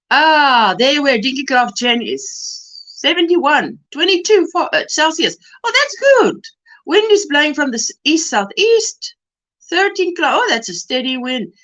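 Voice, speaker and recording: A woman's voice: a little high, fairly bright tone. A woman from South Africa hosting a casual livestream, reading viewer comments and weather reports aloud and greeting people by name. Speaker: livestream host.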